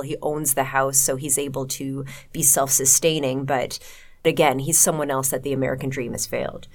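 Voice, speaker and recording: Deep-voiced woman making wry film points. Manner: wry, argues points in full thought-out sentences. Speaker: podcast co-host. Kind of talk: casual film discussion.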